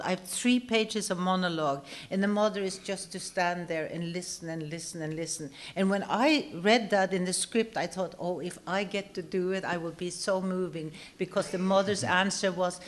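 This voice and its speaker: An older actress telling a stage anecdote to an audience, acting out quoted lines and laughing often. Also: female voice, on the low side, moderate pace, hardly any pauses. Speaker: guest actress telling a story.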